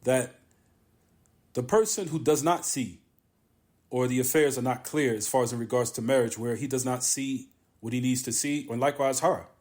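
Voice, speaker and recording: A man's voice: medium pitch, a little mellow. A man teaching a religious lesson in a mosque, speaking emphatically, repeating points, and scattering Arabic terms through his talk. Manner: repetitive, emphatic, drawn-out pauses. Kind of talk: religious lesson on a classical text.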